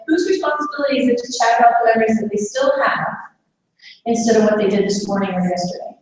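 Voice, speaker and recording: A woman's voice: a little high, fast, darkish tone. A woman giving a live caregiver workshop, drawing the audience in with questions. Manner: engaging, asks the audience questions. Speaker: dementia caregiver workshop speaker. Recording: echoey room, mic far off, faint noise.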